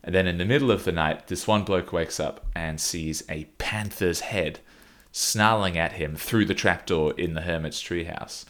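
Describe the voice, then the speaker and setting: A man with a low voice co-hosts a relaxed podcast conversation. He tells stories in a long, wandering way and breaks into laughter often as he goes. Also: moderate pace. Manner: rambling storyteller, laughs often. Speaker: podcast co-host. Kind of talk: casual podcast chat.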